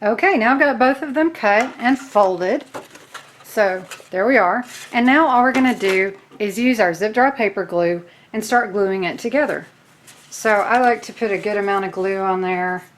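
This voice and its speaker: A woman's voice: mid-range voice, moderate pace. A woman with a Southern US accent hosting a casual craft tutorial, chatting to viewers in a self-deprecating way while she works. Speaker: crafting video host.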